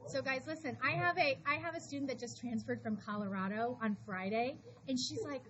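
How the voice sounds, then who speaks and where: A woman teaching math to a high school class, talking briskly and calling students back to attention. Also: fairly bright tone. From Florida. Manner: brisk, shushing, calls for attention. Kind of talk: classroom lesson. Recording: dull classroom recording with noise.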